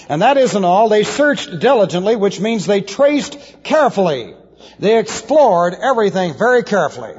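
A man's voice: high-pitched, darkish tone, husky. A man teaching the Bible as a pastor, spelling out Hebrew and Greek terms letter by letter and adding dry asides. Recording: dull lo-fi tape in a reverberant hall.

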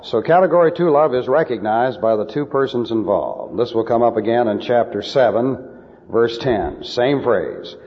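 Man, Bible teacher, emphatic lecturing, mid pitch, muffled old recording. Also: lively intonation, moderate pace, big-room sound. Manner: emphatic, lecturing, numbered points. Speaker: preacher.

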